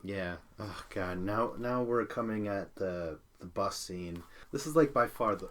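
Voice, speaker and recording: Low-pitched male co-host, loose and profane, chatty recap energy. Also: a little slow, a bit bright. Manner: candid, swears freely, laughs often. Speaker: podcast co-host. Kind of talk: casual chat recapping a reality show.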